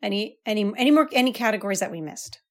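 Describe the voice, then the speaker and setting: A woman co-hosting a casual podcast chat, teasing and reacting quickly. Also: medium pitch, expressive. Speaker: podcast co-host.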